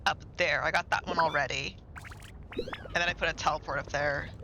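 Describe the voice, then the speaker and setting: A man's voice: a little high, huge pitch swings, brisk, pushed and bright, slight background noise, low-quality recording. A man streaming a game live, chatting casually and rambling to himself and his chat. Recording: game music clearly behind.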